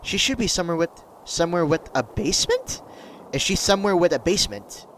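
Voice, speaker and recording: A man voicing an earnest, literal-minded young man, speaking a bit louder and higher. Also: sing-song, fairly quick, slight background noise.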